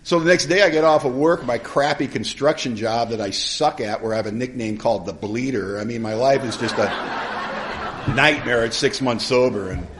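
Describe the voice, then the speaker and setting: A man's voice: medium pitch, normal speed, a little hiss or hum. Middle-aged guy telling his recovery story at a conference, funny and loose, plain mid voice. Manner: humorous, colloquial, animated storytelling. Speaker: AA speaker. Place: live conference hall.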